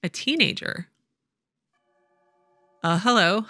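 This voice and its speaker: Wry bright-voiced woman gaming. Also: mid-range voice, lively intonation, moderate pace, dry recording, faint music behind. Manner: wry, reads dialogue aloud and comments. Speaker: let's play host. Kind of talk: casual gameplay commentary.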